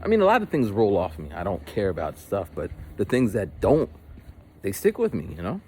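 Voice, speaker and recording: A man's voice: fairly low pitch, wildly swooping pitch, brisk, warm tone. A man vlogging while walking, chatting casually and rambling, with frequent swearing. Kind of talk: casual walk-and-talk monologue. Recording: walking outdoors with faint street noise.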